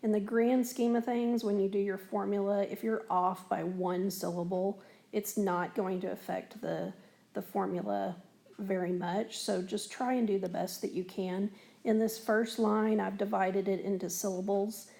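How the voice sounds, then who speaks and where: Patient woman teaching with a gravelly voice. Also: mid-range voice, flat delivery, a little slow, dark tone. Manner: patient, explanatory, many fillers. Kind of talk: recorded whiteboard lesson. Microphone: tablet recording.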